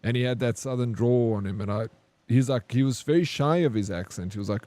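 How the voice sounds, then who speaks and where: A man's voice: mid-range voice, fairly quick, mellow. A young man from South Africa with a South African accent, chatting frankly and laughing easily with viewers while he streams a game. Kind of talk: casual live-stream chat with viewers.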